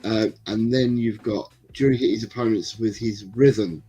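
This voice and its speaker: A man's voice: lowish voice, moderate pace, warm tone, husky, soft background music, rough recording. A man hosting a casual football livestream, reading chat comments aloud and rambling between them. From England. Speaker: livestream host.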